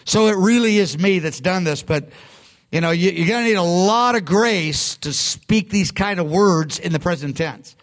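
Man, preacher, high-pitched voice, emphatic, self-interrupting sermon delivery. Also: animated, normal speed. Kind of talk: sermon teaching.

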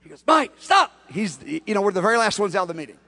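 A man's voice: sits high, racing, creaky, fairly bright tone. A male pastor telling a story in a sermon, animatedly acting out both sides of conversations. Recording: long hall reverb.

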